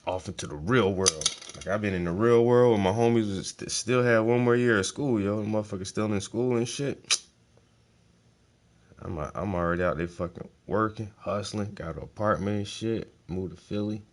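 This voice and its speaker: A man's voice: on the low side, normal speed, slight background noise. A man chatting casually while painting, telling laid-back, profane stories. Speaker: painting vlogger. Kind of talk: casual rambling chat.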